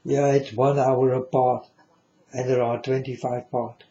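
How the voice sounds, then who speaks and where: A man's voice: medium pitch, little pitch movement, unhurried, warm tone, dull audio. Earnest man warning his folks. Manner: repetitive, earnest, addresses listeners as folks. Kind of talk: rambling spoken warning to viewers.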